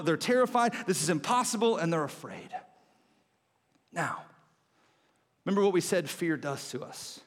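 A man preaching a sermon as pastor, animated storytelling that swings between excited and hushed. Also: high voice, normal speed. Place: church auditorium. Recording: long hall reverb.

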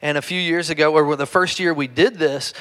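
A middle-aged man with a Kentucky accent preaching a conversational sermon to a congregation, chatty and self-deprecating, with frequent restarts and a hushed tone when he prays. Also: a little high, steady tone, fairly quick. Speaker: pastor. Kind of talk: conversational sermon with humorous stories. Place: church service before a live congregation.

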